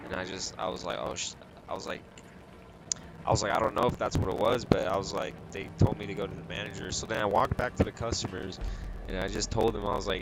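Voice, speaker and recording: A man's voice: on the low side, brisk. Rambling young man saying "bro", noisy mic. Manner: animated, acts out quotes, says "bro" and "like" constantly. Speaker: gamer telling a work story. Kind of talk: casual storytelling over gameplay. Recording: loud background noise.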